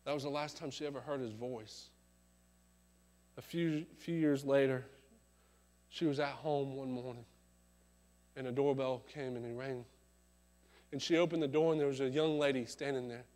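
A man preaching at a church revival service, telling a story dramatically, swelling loud and then dropping to a hush. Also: mid-range voice, fairly even intonation, normal speed, pauses often. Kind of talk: sermon storytelling.

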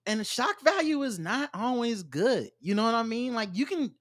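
Bright-voiced man ranting emphatically. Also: very high voice, lively intonation, normal speed. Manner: emphatic, profane ranting with laughs. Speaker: podcast guest. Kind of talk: casual chat.

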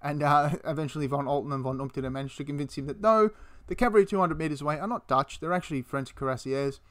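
Animated man telling history. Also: on the high side, fast talker. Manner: animated, swears, acts out quotes in character. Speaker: history video host. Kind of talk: casual storytelling history talk.

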